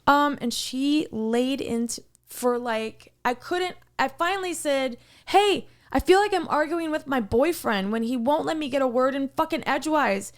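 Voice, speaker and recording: A woman's voice: sits high, moderate pace. A woman co-hosting a podcast, telling a workplace story in casual, heated talk, swearing often. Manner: swears a lot, heated and animated retelling. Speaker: podcast co-host.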